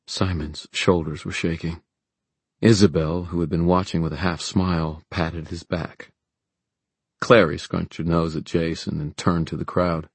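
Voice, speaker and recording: A man narrating an audiobook with steady storytelling. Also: sits low, breathy edge, dry recording.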